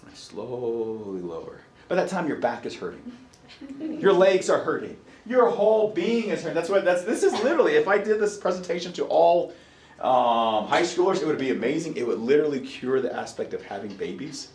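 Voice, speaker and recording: A man's voice: a little high, a little fast, recorded from a distance, slight background noise. A man lecturing a college psychology class, telling stories, acting out his own reactions and quizzing students. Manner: lively storyteller, acts out his own reactions, asks the class questions. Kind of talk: animated classroom lecture with anecdotes. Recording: echoey classroom.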